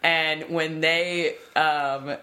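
A woman hosting a podcast, chatting casually and telling animated stories, mimicking voices as she goes. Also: low voice, very slow. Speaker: podcast host. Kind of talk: casual chat.

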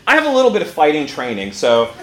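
A man with a high, lively voice tells a comic story to an audience, his pitch leaping about as he laughs through it. The sound is roomy and echoey, with clear noise underneath. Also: fast talker. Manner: animated, laughing, restarts mid-sentence. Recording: echoey room with background noise.

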